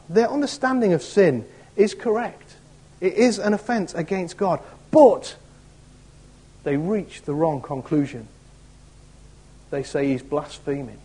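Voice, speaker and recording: A man's voice: high voice, lively intonation, normal speed, a little mellow, slightly rough, low-quality recording. A man, an assistant pastor preaching conversationally with rhetorical questions. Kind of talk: sermon.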